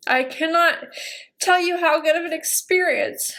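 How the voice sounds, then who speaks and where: Emotional high-voiced woman beauty vlogger. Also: a little slow, a bit bright. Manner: emotional, teary and gushing. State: tearful. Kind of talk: casual talk to camera.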